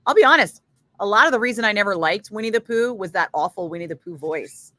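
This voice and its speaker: A woman radio DJ chatting casually in her studio, answering viewer comments in an animated way with lots of fillers. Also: mid-range voice, fast talker, no room sound.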